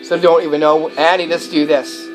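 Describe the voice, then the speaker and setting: A man's voice: a little high, little pitch movement, normal speed, music in the background. A man hosting a prank tutorial, explaining with enthusiasm and plenty of fillers as he shows his props. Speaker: magic and prank video host. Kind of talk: how-to demonstration.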